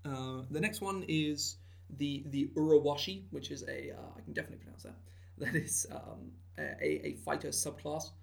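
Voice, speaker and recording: Here a man with a higher-leaning, sing-song voice and some vocal fry talks at a normal pace. As a podcast co-host in a casual tabletop-game chat, he rambles with plenty of fillers and restarts.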